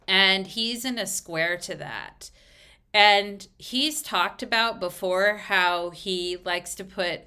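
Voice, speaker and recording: A woman's voice: on the low side, bright, forceful tone, smooth. A woman astrologer talking casually as she explains a chart, full of fillers and asides. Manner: chatty, frequent fillers, explaining step by step.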